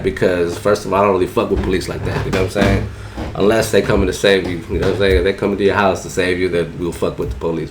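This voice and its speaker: A barber with a low voice tells a rambling, profane story on a podcast, casually and in heavy slang. He keeps saying "you know what I'm saying," and there's slight background noise.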